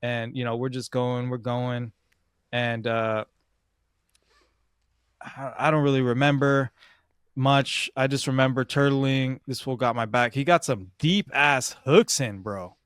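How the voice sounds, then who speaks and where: Unhurried, with fairly even intonation, a young podcast host tells a casual competition story in a mid-range voice that's fairly bright, clear and resonant. He's slangy, swears a lot, and repeatedly calls his listener "bro". The studio-quality audio has no room sound.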